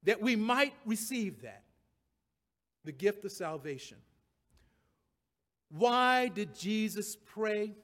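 Male preacher, high voice, bright tone, repeats phrases, emphatic sermon delivery. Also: animated, slow pace, pauses often. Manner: reads scripture aloud, rising to emphatic peaks; repeats verse references and key phrases.

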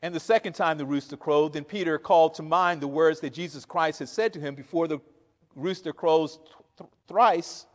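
A man's voice: sits high, in a large hall. A man preaching a sermon to his congregation, reading scripture aloud and acting out the quoted lines with chuckles. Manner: animated, acts out quoted lines with laughs.

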